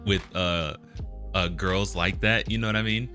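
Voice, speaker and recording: Man, very deep but bright and forceful voice, loose casual banter. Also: steady tone, measured pace, faint music behind. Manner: laid-back, laughing, slangy with "freaking". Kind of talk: casual chat.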